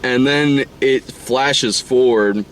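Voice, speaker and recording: A man co-hosting a casual movie review chat, rambling and swearing, often laughing and putting on high voices to act out scenes. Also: slow, slight background noise. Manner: rambling, profane, laughs often, acts out lines in falsetto. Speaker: podcast co-host reviewing a movie.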